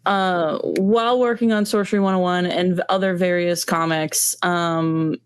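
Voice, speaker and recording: Low, smooth woman explaining her work. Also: fairly even intonation, moderate pace, no echo, clean studio sound. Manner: hesitant, many ums, explains steadily. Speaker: comic book creator, guest. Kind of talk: casual interview talk.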